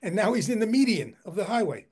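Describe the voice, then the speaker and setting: Husky man, slightly high voice, animated storyteller on a video call. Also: fast talker. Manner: animated, repeats words while telling a story. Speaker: historical society head giving a book talk. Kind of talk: anecdotal storytelling talk.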